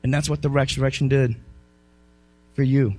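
A male pastor preaching a sermon, swinging between loud calls and low, quiet storytelling. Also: steady tone, normal speed.

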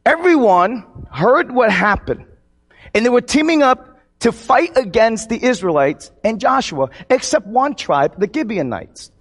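A man's voice: extremely high pitch, sing-song, measured pace. A man preaching a sermon to his congregation in a conversational, joking way. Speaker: pastor.

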